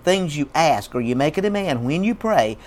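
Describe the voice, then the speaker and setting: A man's voice: fairly high pitch, expressive, normal speed, a little mellow. A man preaching a sermon as a pastor, emphatic and repeating key words.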